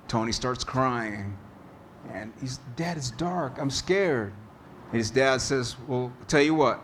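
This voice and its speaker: Man, pastor preaching a sermon, unhurried storytelling, faint background hiss. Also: medium pitch, a bit bright. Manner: slow, deliberate preaching with storytelling.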